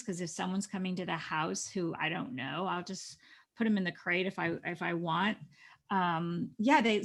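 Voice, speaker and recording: Gravelly-voiced woman giving earnest advice. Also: lowish voice. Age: middle-aged. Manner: earnest, advising, with frequent restarts. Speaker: animal communicator, guest. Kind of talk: conversational interview.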